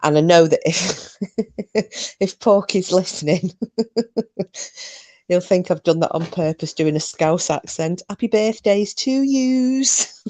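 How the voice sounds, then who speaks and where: A woman's voice: low voice, a little mellow. A middle-aged woman hosting a live stream, chatting casually to her viewers and laughing often between remarks. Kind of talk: casual chat to a live chat audience.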